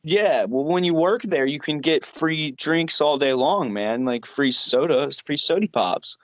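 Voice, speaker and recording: A man's voice: on the high side, expressive, measured pace, dry recording. Profane young man telling a rambling story. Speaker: podcast co-host. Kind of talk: casual storytelling chat.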